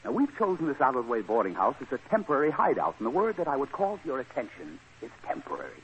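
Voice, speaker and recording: Brief: vain, lecturing swindler, lively pitch, dull old radio sound. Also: male voice, fast. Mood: pompous. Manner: pompous, lecturing. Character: pompous male con man, self-styled prince of thieves. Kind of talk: 1940s radio acting. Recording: dull, hissy 1940s radio broadcast.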